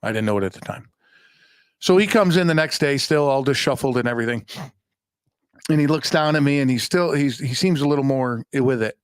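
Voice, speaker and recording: A man's voice: mid-range voice, brisk, smooth, no room sound, studio quality. A man hosting a podcast, telling a personal story in a rambling, profane, self-mocking way. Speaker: podcast host. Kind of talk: casual storytelling monologue. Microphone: podcast microphone.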